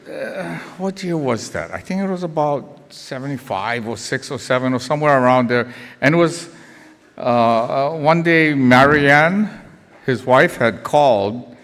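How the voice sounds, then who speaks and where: An older man telling a lively, chuckling memorial story in a church, acting out the voices as he goes. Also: medium pitch. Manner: animated, chuckling storyteller who acts out voices. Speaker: eulogy speaker, former fellow band teacher. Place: church sanctuary. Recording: echoey church hall.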